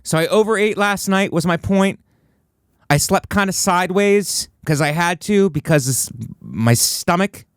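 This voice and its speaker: A male comedian holds forth alone at a studio microphone, his voice sitting a touch high for a man. He slips into grand, mock-motivational rants, then drops into low, offhand asides. The sound is dry and close, with almost no room around it. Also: measured pace, clean tone, no echo. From United States. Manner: mock-motivational ranting, swinging between high excited bursts and low, flat asides. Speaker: comedian and podcast host. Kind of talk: solo comedic podcast monologue. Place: podcast studio.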